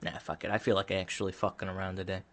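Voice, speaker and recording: A man's voice: low voice, flat delivery, fast, fairly bright tone. A man playing a tabletop role-play game, casual and playful, swearing freely. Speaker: player.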